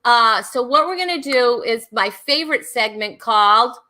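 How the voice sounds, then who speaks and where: Bright bubbly woman host. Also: a little high, expressive, moderate pace. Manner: bubbly, laughing, chatty. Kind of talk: casual chat on a live video show. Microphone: video call.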